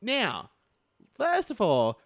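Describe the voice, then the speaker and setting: An Australian man co-hosting a casual podcast, excitable and theatrical and laughing often. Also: sits high, very slow, no echo, studio quality. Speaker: co-host.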